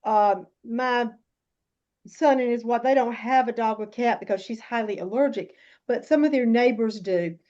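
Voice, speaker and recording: An older woman with a high voice leads the group gently and tells stories. The recording sounds dull and muffled. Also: normal speed. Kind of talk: casual group sharing.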